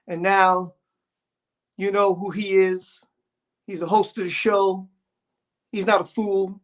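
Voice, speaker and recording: A woman co-hosting a casual livestream, playful and repeating herself often. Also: lowish voice. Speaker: livestream co-host.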